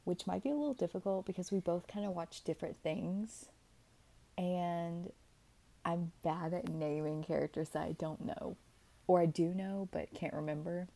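A woman's voice: lowish voice, fairly even intonation, moderate pace, creaky, mellow. A young woman co-hosting a podcast from home, chatty and rambling, still getting over being sick. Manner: chatty, rambling, self-aware. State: recovering from illness. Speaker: podcast co-host. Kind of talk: casual podcast chat. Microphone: home computer mic, remote recording.

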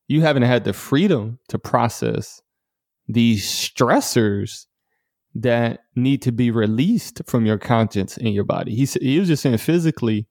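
A man's voice: mid-range voice, a little mellow, dry recording. Earnest man telling his story, dry sound. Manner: earnest, emphatic, repeats words for emphasis; laughs often between points. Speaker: author and guest. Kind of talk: conversational storytelling interview.

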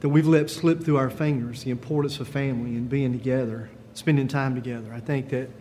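A man pastor preaching a sermon in a gentle, conversational way, with frequent pauses and fillers. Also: medium pitch, steady tone, long reverb tail, a little hiss or hum.

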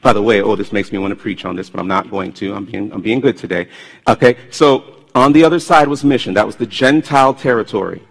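A man preaching a sermon, telling stories in an animated way and swinging from loud bursts to hushed tones. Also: fairly low pitch, quick pace, creaky, husky. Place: church sanctuary. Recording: long hall reverb.

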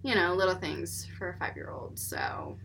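A woman's voice: fairly low pitch, normal speed, gravelly, a little hiss or hum. A young woman, a mother, chatting casually as a podcast co-host and acting out stories about her young son. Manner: animated storytelling, acting out her son and herself. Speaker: podcast co-host, mother of a five-year-old. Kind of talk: casual chat.

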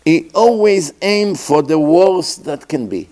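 A man giving a sermon as a rabbi, telling a story with pauses and acted-out sounds. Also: on the high side, lively intonation, warm tone.

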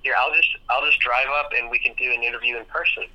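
A man's voice: medium pitch, fairly even intonation, fast talker. A laid-back, joking man chatting as a guest over a phone held up to the microphone. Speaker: guest on call. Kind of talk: casual chat over phone. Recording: tinny phone line held to mic.

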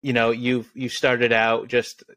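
A man's voice: medium pitch, monotone, a little slow, a bit bright, no room sound. Chatty male podcast host. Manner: friendly, chatty questions with fillers. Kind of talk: casual interview questions.

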